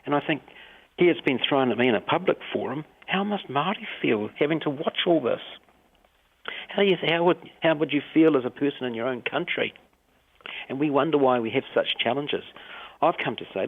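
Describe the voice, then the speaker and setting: A mayor from New Zealand with a New Zealand accent, speaking passionately and emotionally in a radio interview over the phone. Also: male voice, on the high side, lively intonation, fairly quick. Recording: tinny phone line.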